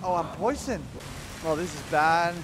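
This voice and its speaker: A man streaming a video game, talking to his chat in excitable, profane commentary that breaks into sudden yelps and shouts. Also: on the high side, normal speed, heavy background noise. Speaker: gaming streamer.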